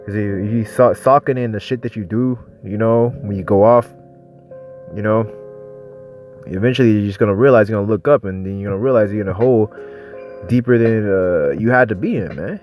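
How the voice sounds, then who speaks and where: A man's voice: fairly low pitch, fairly quick, highs cut off, soft background music. A young man giving informal, rambling religious teaching in profane street talk, ending his phrases with "man". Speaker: preacher.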